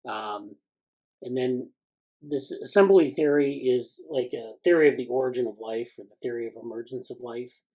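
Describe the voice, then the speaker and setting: A man's voice: medium pitch, normal speed, dark tone, poor audio. A man hosting an informal research meeting on a video call, reading passages aloud and then commenting in a hesitant way, with frequent fillers and restarts. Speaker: meeting host reviewing newsletter items. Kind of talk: casual academic meeting talk, reading excerpts aloud.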